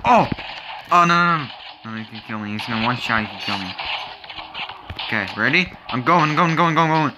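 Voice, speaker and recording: A man giving casual, excitable commentary over his own gameplay, reacting loudly to what happens. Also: medium pitch, normal speed, long pauses, background noise.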